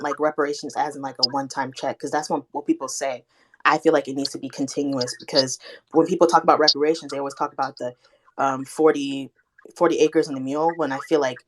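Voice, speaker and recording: A woman from Alabama, speaking in an earnest, halting way with many restarts in a live online discussion over a phone mic. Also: sits low. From Alabama, USA. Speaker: participant in a discussion. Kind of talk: live audio room debate.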